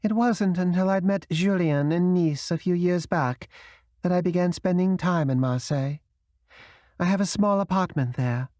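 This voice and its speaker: A man's voice: high-pitched, darkish tone, dry recording, clean studio sound, pitched above the performer's own voice, lightly acted. A man doing a sad, proud British woman. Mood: wistful. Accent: British English. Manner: slow, reluctant, cracking voice. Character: heartbroken young woman, proud and reluctant. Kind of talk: audiobook character reading.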